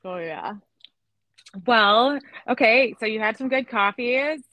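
A woman from Illinois hosting a casual podcast chat, chatty and quick to laugh, with lots of fillers. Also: on the high side, animated, bright, forceful tone, dry recording, rough recording. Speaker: podcast host.

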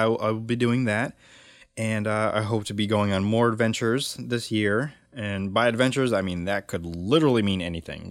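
A man's voice: fairly low pitch, no echo, clean studio sound. A man hosting his own podcast, talking casually and rambling with lots of fillers and restarts. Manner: rambling and chatty, with many fillers and self-corrections. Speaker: podcast host. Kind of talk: casual solo podcast chat.

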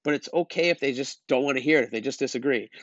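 A man's voice: mid-range voice, fast talker, a bit bright, no echo, muffled recording. A man delivering a blunt, exasperated opinion rant, lecturing his listeners and tagging lines with "okay?".

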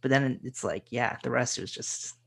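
A man with a husky, slightly breathy voice, chatting casually about movies. He talks haltingly, circling back with fillers and restarts as he works out his thoughts. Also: mid-range voice. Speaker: podcast co-host. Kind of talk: casual film discussion.

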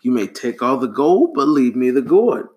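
A man's voice: mid-range voice, big pitch swings, normal speed, darkish tone, lightly acted. Man playing a greedy whiny storybook king, bossy and demanding, voice jumps around.

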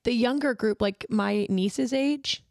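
A woman in her late twenties chatting on a podcast, her voice sitting on the higher side. She tells personal stories candidly and breaks into laughter often. The sound is dry and close, with no room around it. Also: takes it slowly, gravelly, a little mellow, no room sound. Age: 20s. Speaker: podcast co-host. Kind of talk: casual chat.

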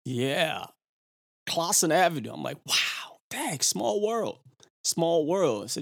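A man hosting a podcast, chatting casually in an animated, rambling way with lots of fillers. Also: fairly high pitch, a little slow, gravelly, no echo, clean studio sound. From Brooklyn. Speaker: podcast host. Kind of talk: casual chat.

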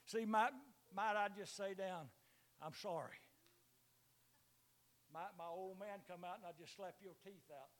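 An older man preaching a sermon in a church, moving from low, quiet stretches to loud, impassioned calls. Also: steady tone, moderate pace.

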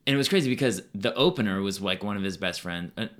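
Comedian guest: man with a deep, bright voice who rambles through stories on a podcast. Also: fast talker. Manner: rambling storyteller, many fillers. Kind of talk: casual podcast chat.

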